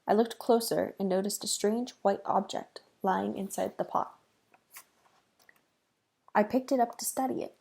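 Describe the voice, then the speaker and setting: A woman reads a children's book aloud, expressive, with dramatic pauses. Her voice is gravelly and husky, at a middle pitch. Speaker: reader.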